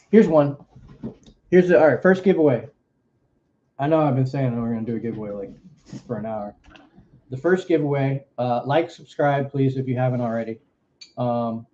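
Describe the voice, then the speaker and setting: Warm-voiced Southern man, rambling stream host. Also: mid-range voice, muffled recording. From Florida. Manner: rambling, joking, drawling asides. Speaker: livestream host. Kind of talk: casual stream chat.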